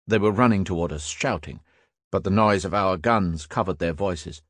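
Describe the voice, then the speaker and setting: A man reading a war memoir audiobook as scripted narration, raising his voice for characters' shouts. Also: low-pitched, normal speed, dry recording.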